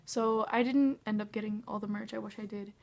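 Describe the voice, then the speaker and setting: In a casual storytime vlog, a young fan gushes about meeting her idol at a concert, saying "like" constantly and acting out what everyone said. Her medium-pitched voice is brisk, gravelly and darkish, with fairly even intonation.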